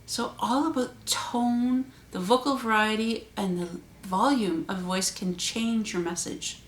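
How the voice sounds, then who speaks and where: A woman hosting her own vlog, talking straight to the viewer and shifting her pitch and loudness for emphasis. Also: fairly even intonation, a little slow, a little hiss or hum. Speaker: channel host. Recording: roomy echo.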